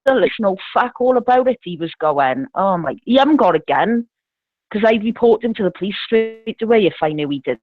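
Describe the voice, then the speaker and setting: A woman's voice: medium pitch, lively intonation, moderate pace, no echo, soft background music. Laughing woman on a tinny phone line. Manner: rambling, laughs often, swears. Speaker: caller telling a story. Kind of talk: casual storytelling chat.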